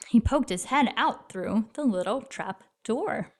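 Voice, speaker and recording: A woman reading a children's picture book aloud in an expressive, lively storyteller manner. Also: fairly high pitch, a little slow.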